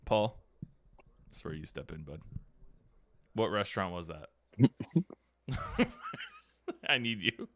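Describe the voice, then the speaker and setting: A man's voice: low-pitched, lively intonation, slow, long pauses, pushed and bright. A man hosting a podcast, telling a story in casual chat, acting out quotes and swearing freely. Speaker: podcast host. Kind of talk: casual chat, animated anecdote.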